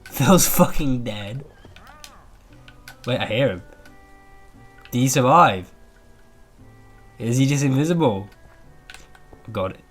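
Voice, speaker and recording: A man's voice: mid-range voice, lively intonation, takes it slowly, pauses often. A man giving casual gameplay commentary, swearing freely and chatting to his in-game pet. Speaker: gamer. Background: clear background music.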